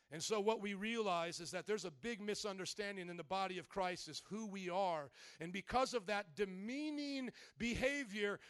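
A married man preaching a sermon, animated, swinging from quiet reasoning to loud shouting and playful mock voices. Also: sits high, clean tone, no echo. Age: adult, married. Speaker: pastor.

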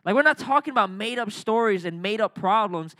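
A man's voice: high voice, fairly quick, dry recording, studio quality. A young man, a youth director, preaching a casual, joking youth sermon and drawing the crowd into call and response. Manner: energetic, joking, talks with the crowd.

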